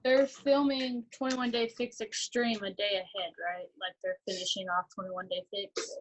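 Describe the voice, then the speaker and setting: A woman on a video call asking quiet, tentative questions. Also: mid-range voice, level tone, normal speed, a little hiss or hum, rough recording.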